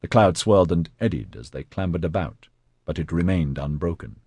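A man narrating an audiobook in an expressive, scripted reading. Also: deep voice, brisk, breathy edge, no room sound, studio quality.

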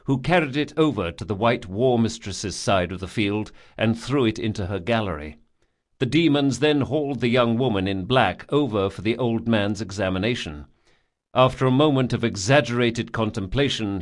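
A man narrating a fantasy audiobook in a measured, grave storytelling manner. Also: medium pitch.

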